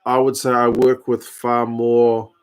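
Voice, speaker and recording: A man's voice: mid-range voice, completely flat delivery, a little slow, darkish tone, clear, resonant tone. A man, chatting casually on a live stream as host, answering viewer comments while watching a rugby match.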